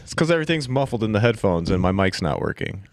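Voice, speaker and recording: Brief: male drummer guest, lowish voice, easygoing and profane, dry close mic. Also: very animated, fast talker, dry recording. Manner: easygoing, swears casually. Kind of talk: casual chat.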